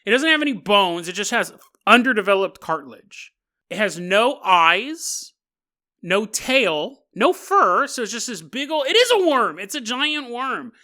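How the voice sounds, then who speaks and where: A man's voice: high-pitched, very animated, unhurried, sharp tone. A man hosting a podcast, rambling casually through a story with jokes and frequent laughter. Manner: rambling, jokey, laughs often mid-sentence. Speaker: podcast host. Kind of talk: casual solo podcast monologue.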